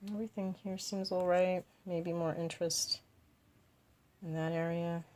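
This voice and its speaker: A woman's voice: on the low side, level tone, unhurried, darkish tone. A woman vlogging as she paints, thinking aloud about her choices and tossing in playful asides. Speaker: craft vlogger. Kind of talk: casual talk while painting.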